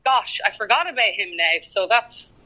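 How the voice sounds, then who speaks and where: An Irish woman in a casual podcast chat, talky and quick to laugh, with lots of fillers. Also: medium pitch, lively intonation, pushed and bright, poor audio. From Ireland. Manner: chatty, laughs often, halting with fillers. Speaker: guest singer-songwriter.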